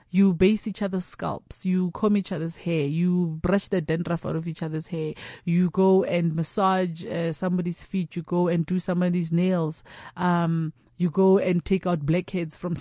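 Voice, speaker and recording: A woman's voice: fairly low pitch, warm tone, dry recording, studio quality. A woman comedian talking candidly and animatedly. She often slips into quoted voices and imagined dialogue, and restarts her sentences as she goes. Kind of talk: candid conversational chat.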